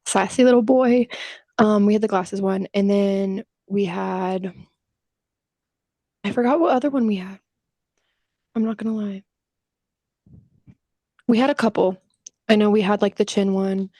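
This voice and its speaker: A woman's voice: medium pitch, fairly even intonation, measured pace, long pauses, dark tone, dry recording. A young adult woman co-hosting a podcast, chatting casually and telling stories with casual swearing and acted-out quotes. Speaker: podcast co-host. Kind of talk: casual chat.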